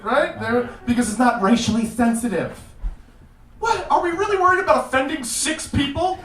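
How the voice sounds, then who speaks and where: A man performing a stand-up comedy set with a punchy, animated delivery on a live club stage. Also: very high-pitched, moderate pace, noisy background. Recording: roomy club sound, mic at a distance. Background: audience laughter.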